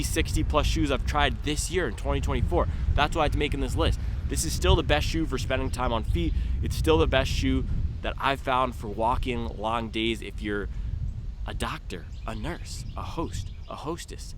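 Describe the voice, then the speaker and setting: A man casually reviews running shoes in a playful, rambling way. His voice sits at an everyday middle pitch. Faint outdoor traffic noise hums in the background. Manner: playful, goofy asides and drawn-out silly pronunciations.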